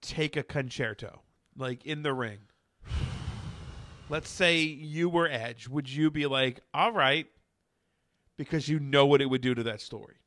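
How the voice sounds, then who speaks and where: A man's voice: medium pitch, a little slow, fairly bright tone, dry recording. A man co-hosting a podcast, bantering bluntly with jokes and casual swearing. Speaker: podcast co-host. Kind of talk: casual chat.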